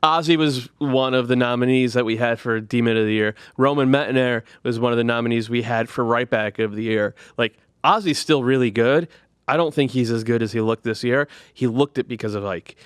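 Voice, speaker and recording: A man co-hosts a sports podcast, walking through tactics in a calm, measured way. His voice sits at a middle pitch and is recorded on a dry, close mic with no room sound. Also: clear, resonant tone, no echo. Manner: measured, explains tactics step by step. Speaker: podcast co-host and analyst. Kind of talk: casual sports analysis.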